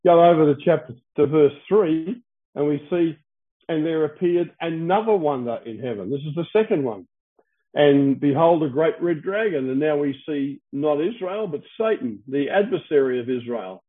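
A man's voice: a little high, animated. A man teaching through Bible verses, explaining Greek words, with frequent fillers and restarts. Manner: halting, many fillers and restarts, clears throat. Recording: tinny phone-like audio.

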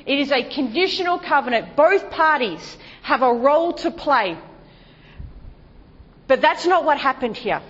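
A woman preacher delivering an emphatic sermon, full of rhetorical questions and dropping to a hushed, lower voice at times. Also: animated, unhurried. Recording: dull sound with long hall reverb.

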